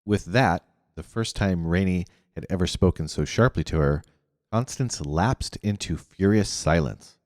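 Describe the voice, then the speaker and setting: A man's voice: low-pitched, unhurried, a little mellow, no room sound, studio quality, in a large hall. A man reading a novel aloud who often restarts and corrects himself mid-phrase. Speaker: reader.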